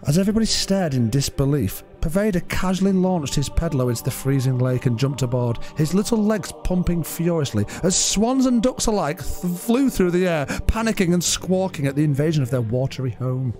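A man's voice: a little high, animated, a little fast, few pauses, a little mellow, faint music behind. A man, co-hosting a podcast and reading out an absurd comic story in a mock-solemn voice, breaking into laughs now and then. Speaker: podcast co-host.

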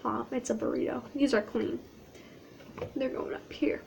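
A woman's voice: a little high, very animated, unhurried, creaky, background noise. A woman vlogging in character as a cosplayer, rambling in a playful, self-mocking way. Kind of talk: casual in-character cosplay vlog.

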